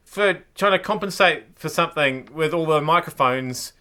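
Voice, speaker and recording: A bright, forceful man's voice with a New Zealand accent, sitting a bit high for a man. He hosts a comic run through the news and talks sarcastically and playfully, breaking into sudden squeaky outbursts. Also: moderate pace. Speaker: host. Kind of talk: comedic news commentary.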